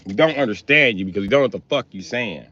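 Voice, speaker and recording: A man's voice: lowish voice, quick pace, no room sound. Crude, ranting middle-aged man livestreaming. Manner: blunt, crude, heated and lively. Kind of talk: profane comic rant on a livestream. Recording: slightly dull lo-fi stream mic.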